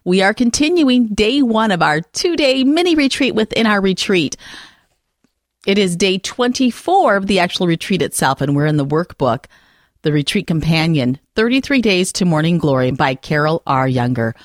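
A woman with a fairly low voice hosts a Catholic radio talk show, her delivery swinging widely in pitch as she leans into key words. She speaks earnestly and expressively. The sound is close and dry, with no room around it. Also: expressive, moderate pace, no echo. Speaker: radio host.

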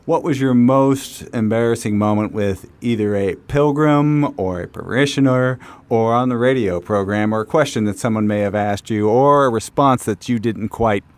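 A man from Canada in a live audience asks the hosts a question in a plain, measured way. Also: mid-range voice.

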